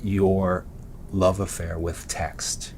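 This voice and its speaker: A man's voice: deep voice, flat delivery, very slow, a little mellow, a little hiss or hum. A man hosting a podcast, interviewing a guest in an effusive, rambling way and often cutting himself off mid-sentence. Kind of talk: enthusiastic interview talk.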